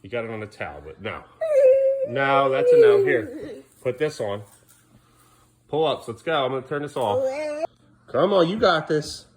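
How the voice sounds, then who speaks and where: A man filming a casual home vlog in a bathroom, coaxing his toddlers along and dropping quieter asides to the camera. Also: mid-range voice, expressive, normal speed, long pauses. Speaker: parent vlogger.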